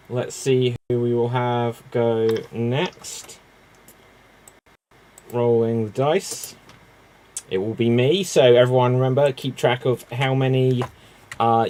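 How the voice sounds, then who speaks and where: Unhurried male game host. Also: mid-range voice, steady tone, a little mellow, slight background noise. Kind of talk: casual improv game hosting.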